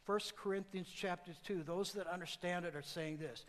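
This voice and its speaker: A pastor delivering a sermon to a congregation, moving between loud outbursts and hushed asides. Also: male voice, high-pitched, fairly even intonation, normal speed, in a large hall, poor audio. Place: church sanctuary, also broadcast on TV.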